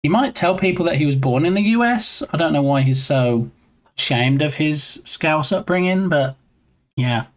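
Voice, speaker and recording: A man's voice: fairly high pitch, lively intonation, moderate pace. Joking, rambling game dev streamer guy. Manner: rambling, joking, playful banter. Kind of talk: casual live-stream chat, reading chat. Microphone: own desk mic.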